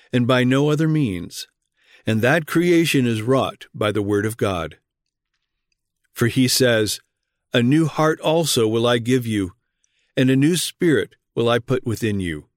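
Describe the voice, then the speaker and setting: Male reader, mid pitch, earnest read-aloud sermon that presses questions on the listener; dry, roomless recording. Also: animated, measured pace, no echo.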